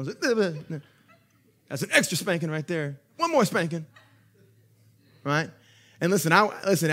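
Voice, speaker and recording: A young pastor with a fairly high voice delivers an animated sermon. He preaches conversationally, swinging from loud, emphatic peaks down to hushed asides, and chuckles as he tells stories. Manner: laughs while telling stories.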